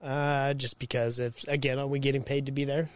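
A man's voice: mid-range voice, flat delivery, fairly quick, clear, resonant tone, no echo. A man co-hosting a podcast in casual chat, swearing freely and telling stories with acted-out quotes. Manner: profane, storytelling with acted quotes. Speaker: podcast co-host.

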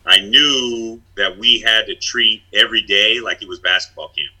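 Middle-aged coach guy, blunt and self-mocking, really bright husky voice. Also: lowish voice, moderate pace, low-quality recording. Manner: self-deprecating, blunt, animated storytelling. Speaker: former high school basketball head coach. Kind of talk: casual chat.

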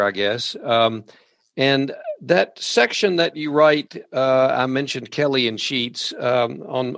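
A man hosting a podcast interview, speaking haltingly with frequent restarts. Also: medium pitch, vocal fry, a bit bright, no echo. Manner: halting, many fillers and restarts. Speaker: podcast host.

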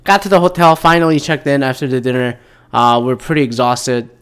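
A man's voice: medium pitch, steady tone, brisk, fairly bright tone, clear, resonant tone. A man talking alone in a casual monologue, rambling off on tangents and swearing freely as he rants. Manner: rambling, profane, goes off on tangents.

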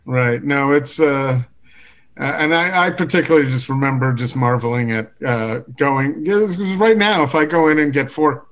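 A man hosting a podcast, asking questions in a halting way with many fillers. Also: medium pitch, fairly bright tone. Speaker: podcast host. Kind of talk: casual podcast interview.

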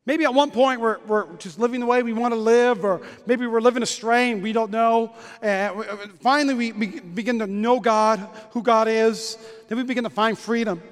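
Man, pastor, very high voice, energetic joking sermon, long church-hall reverb. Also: clear, resonant tone. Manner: energetic, joking, quick bursts of speech. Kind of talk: lively sermon with stage demonstration. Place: church auditorium.

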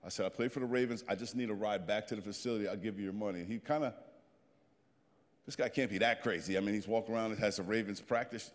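Animated storytelling man in his fifties. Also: fairly low pitch, quick pace, long reverb tail. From New Jersey. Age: 50s. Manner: animated, plain-spoken storyteller. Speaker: guest speaker. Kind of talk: storytelling talk to a group.

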